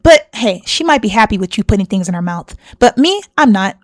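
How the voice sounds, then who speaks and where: A woman's voice: medium pitch, big pitch swings, a little fast, no echo. A woman hosting a reaction video, giving heated commentary in a confrontational, indignant way and repeating her points for emphasis. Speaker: reaction channel host.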